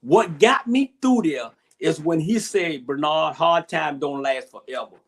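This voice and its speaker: A man's voice: fairly high pitch, animated, unhurried, creaky, breathy edge. A middle-aged man telling a personal story as an interview guest on a video call, emotional, repeating himself and restarting often.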